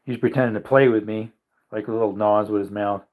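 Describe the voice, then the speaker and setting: A man's voice: on the low side, fairly even intonation, brisk, a little mellow. A man vlogging from his home kitchen in a rambling casual chat, wandering between topics and talking to his dogs.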